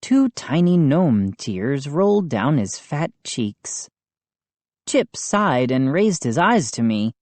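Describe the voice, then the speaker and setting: Woman narrating a kids' audiobook, lively intonation, very slow and measured. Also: sits low, no room sound. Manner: expressive, unhurried storytelling. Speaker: audiobook reader.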